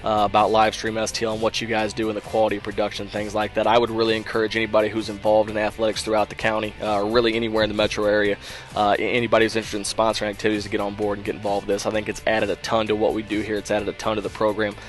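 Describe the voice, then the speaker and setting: A man's voice: on the low side, completely flat delivery, rapid-fire, faint music behind. A man who coaches a school team, earnestly thanking the show for its work. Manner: earnest and appreciative. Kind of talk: casual interview.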